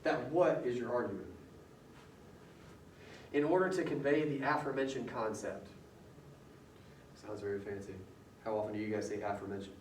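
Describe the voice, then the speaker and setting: In this distant, roomy classroom recording with slight background noise, a man lectures conversationally and questions his students. His mid-range voice moves at a moderate pace, broken by long pauses.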